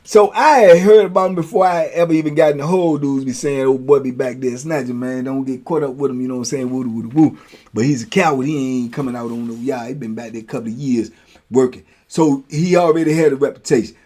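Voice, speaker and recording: A man hosting a show, telling a prison story in a casual, animated way, full of slang and "you know what I'm saying.". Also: medium pitch, fast. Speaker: host telling prison stories.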